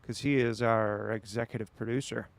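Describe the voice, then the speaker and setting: A man's voice: mid-range voice, steady tone, moderate pace, gravelly, no room sound. A man streaming late at night, chatting casually and rambling back at his viewers.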